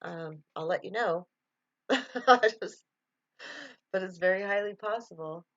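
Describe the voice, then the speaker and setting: A woman's voice: mid-range voice, a little slow, no room sound, highs cut off. A woman hosting a casual live stream, chatting loosely, laughing often and answering viewer comments.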